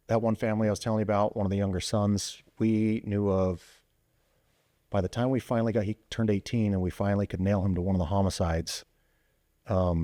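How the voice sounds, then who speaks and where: A man with a low, mellow voice rattles off stories from his old police work at a fast clip. He talks casually, full of "you know" and restarts. The sound is close and dry, like a podcast studio. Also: no room sound. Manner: animated, quick storytelling with many fillers and restarts. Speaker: podcast guest, former police officer. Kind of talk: casual storytelling interview.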